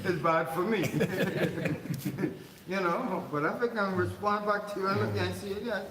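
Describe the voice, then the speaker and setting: A man's voice: high-pitched, unhurried. A man teaching an informal Quran commentary class in a mosque, talking in a chatty way, laughing often and repeating his words. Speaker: religious teacher. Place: mosque hall. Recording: echoey hall, far mic, noisy.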